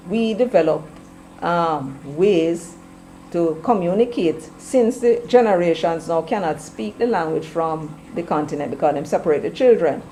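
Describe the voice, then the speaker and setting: A middle-aged Jamaican woman speaks her mind with a preacher's force, slipping into patois as she goes. Her voice sits a little low and sounds mellow and warm. A faint noise runs under the recording. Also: rough recording. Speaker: commentator. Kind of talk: opinionated political commentary.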